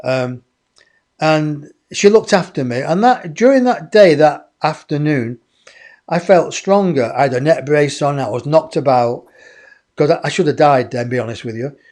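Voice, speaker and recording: A man, a guest in an interview, telling a personal story in a lively way and acting out other people's voices. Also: a little high, normal speed. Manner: animated, acts out others' voices.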